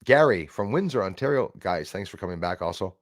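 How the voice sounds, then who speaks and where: A man's voice: deep voice, lively intonation, brisk, no echo, studio quality. A man hosting a casual live stream, rambling and greeting chat viewers by name.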